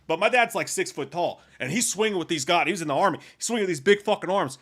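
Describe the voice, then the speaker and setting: A man's voice: high voice, expressive, quick pace, fairly bright tone. A man co-hosting a podcast, telling rambling, profane anecdotes in casual chat. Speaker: podcast co-host.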